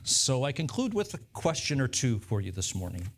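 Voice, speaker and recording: A man delivers a sermon as pastor, earnest and measured at a middle pitch. He circles back on his phrases, repeating them for emphasis as he preaches. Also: sing-song, slight background noise.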